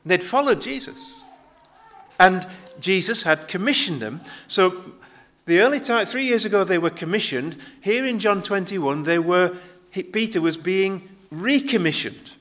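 A man's voice: high-pitched, expressive, a little slow, fairly bright tone. A male pastor giving a conversational sermon, often restarting his phrases as he explains a Bible passage.

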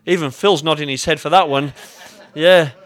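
A man's voice: a little high, steady tone, measured pace, fairly bright tone, no echo. A man with an English accent preaching a sermon as pastor. He tells stories with self-mocking humour and talks directly to his congregation.

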